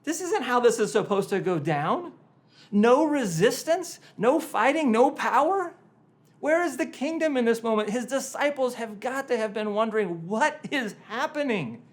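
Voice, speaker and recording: A male pastor preaching a sermon, retelling a story dramatically, rising to loud emphasis and then dropping to hushed tones, sometimes repeating words as he presses a point. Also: very high voice, expressive, moderate pace.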